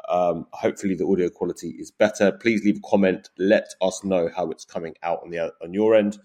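British male podcast host, very low voice, loose and rambling, home mic. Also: fairly even intonation, fairly quick, warm tone. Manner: rambling, self-deprecating, many fillers and restarts. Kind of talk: casual political podcast chat. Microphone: home podcast mic setup.

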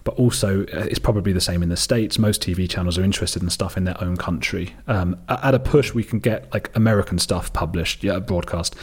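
Low husky man telling stories. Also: a little fast, few pauses. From United Kingdom. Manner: rambling storyteller, mimics people he quotes. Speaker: documentary filmmaker, guest. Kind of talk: casual interview conversation. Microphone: close desk microphone.

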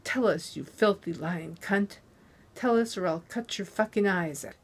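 A woman's voice: mid-range voice, measured pace, slightly rough. A woman voicing a violent, scarred male thug who snarls abuse in an audiobook. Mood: savage rage.

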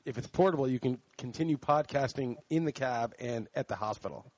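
A man's voice: mid-range voice, brisk, darkish tone, dry recording. A man co-hosting a podcast, telling a story in casual chat and swearing now and then. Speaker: podcast co-host.

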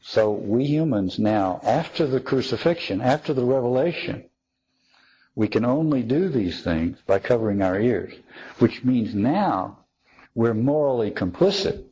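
A man's voice: medium pitch, animated, unhurried, warm tone, highs cut off, slight background noise. A man giving a reflective spoken talk on theology, thoughtful and wry, often restarting his sentences. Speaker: speaker on theology.

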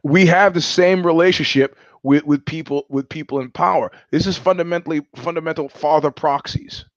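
A man's voice: a little high, moderate pace, dry recording, muffled recording. Blunt, profane middle-aged man. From New York. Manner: blunt, profane, sardonic storytelling. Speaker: host. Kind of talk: live-streamed monologue.

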